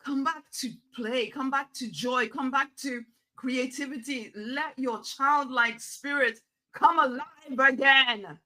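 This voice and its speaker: A motivational speaker coaxes her listeners to loosen up in an emphatic, repetitive talk that swings to a soft near-whisper. Her voice sits high and she takes it slowly, on a low-quality recording.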